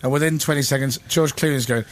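A man's voice: medium pitch, steady tone, quick pace. A man hosting a casual chat, playful and telling stories with put-on voices. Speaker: host.

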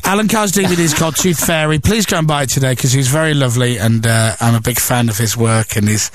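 A man's voice: mid-range voice, fast talker, slight background noise. A man hosting a radio show, bantering and teasing his guest. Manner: teasing, jokey, lively.

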